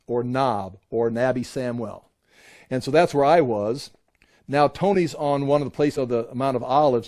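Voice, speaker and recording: A man's voice: medium pitch, a little mellow. Rambling middle-aged man teaching class. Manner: rambling, with many restarts; points out details on photos. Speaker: Bible teacher. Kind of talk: classroom lecture with slides.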